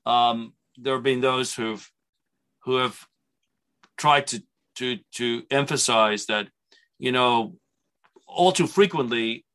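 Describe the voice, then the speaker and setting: A man's voice: mid-range voice, sharp tone. A man teaching a church Bible seminar in a conversational way, with frequent restarts and asides.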